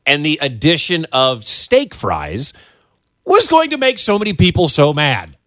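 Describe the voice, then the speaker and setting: A man's voice: a little high, big pitch swings, a little slow, a bit bright, no echo, studio quality. A man co-hosting a radio show, bantering in a joking, incredulous way. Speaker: radio co-host. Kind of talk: casual radio chat.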